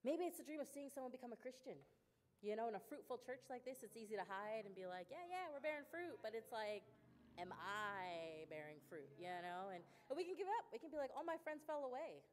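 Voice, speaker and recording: Animated woman preaching with personal stories. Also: mid-range voice, fairly quick. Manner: conversational, animated, laughs often, acts out quoted dialogue. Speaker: speaker at a women's church service.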